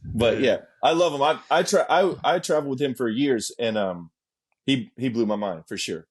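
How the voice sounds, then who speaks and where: A man's voice: mid-range voice, animated, normal speed, slightly rough. Laid-back, profane middle-aged man. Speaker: interview guest. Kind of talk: casual storytelling.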